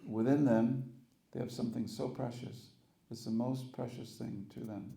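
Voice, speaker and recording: In a reverberant temple hall before an audience, a man delivers a storytelling sermon, animatedly acting out the characters. His mid-range voice carries vocal fry, and he speaks at a normal speed.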